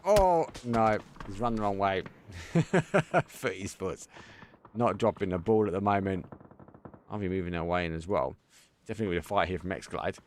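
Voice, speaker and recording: A man with a lowish voice calls a live esports match play-by-play. He talks in short, quick bursts and gets excited as the action builds. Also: slight background noise. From Essex, England. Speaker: esports caster. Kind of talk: live play-by-play game commentary.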